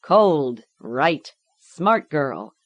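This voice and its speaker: A woman's voice: low voice, big pitch swings, dry recording, dull audio, heavily acted. A woman voicing a cold, clinical male doctor who coaxes and commands a child during a treatment. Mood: coldly coaxing. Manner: brisk, coaxing, commanding.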